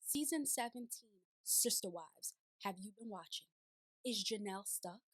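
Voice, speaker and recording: A woman hosting a casual recap of a TV show, chatty and animated, slipping into playful voices when she paraphrases. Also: medium pitch, unhurried. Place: city home, sirens outside.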